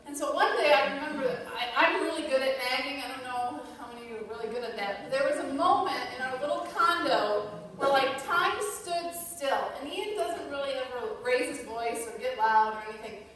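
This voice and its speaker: A woman's voice: high voice, fairly quick, fairly bright tone, a little hiss or hum. A woman telling a personal story to an audience in a chatty way, full of fillers. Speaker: speaker at a company event. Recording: echoey hall recorded from far off.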